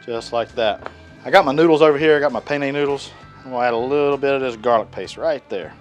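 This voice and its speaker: A man chats his way through a cooking demonstration in a folksy tone. His voice sits at an ordinary middle pitch. Food sizzles on a griddle with soft music underneath. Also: fast talker. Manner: folksy, chatty, with many fillers. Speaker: cooking channel host. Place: outdoor griddle.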